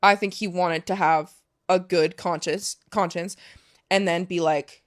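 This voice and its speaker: A woman's voice: lowish voice, steady tone, measured pace. A young woman, a professional soccer player, candidly telling a story in a casual interview, swearing freely and saying "like" a lot.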